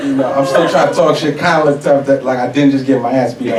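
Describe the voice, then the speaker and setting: A young man from New York City telling a personal story on stage, profane and animated. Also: mid-range voice, fast, a loud crowd, very noisy. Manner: profane, animated, laughing audience reactions. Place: stage before a live audience. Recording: roomy hall, mic at a distance. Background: audience laughter.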